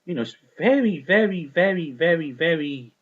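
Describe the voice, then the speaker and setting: A man's voice: a little high, expressive, normal speed. A man chatting casually about records he bought, rambling and repetitive, swearing freely and full of enthusiasm, on a lo-fi recording. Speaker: vinyl record reviewer. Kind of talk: casual unscripted chat.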